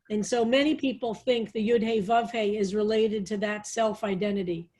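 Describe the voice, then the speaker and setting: A woman's voice: fairly high pitch, fairly even intonation, a little mellow, slightly rough. Enthusiastic woman rabbi teaching online. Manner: thoughtful, enthusiastic, reads verses aloud slowly. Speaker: rabbi teaching a psalm study. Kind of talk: online text study class.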